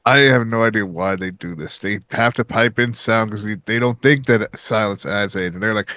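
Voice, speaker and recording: A man's voice: on the low side, fairly quick, few pauses, bright, forceful tone, no room sound. A man co-hosting a casual podcast, speaking bluntly and swearing often. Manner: blunt, profane. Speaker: podcast co-host.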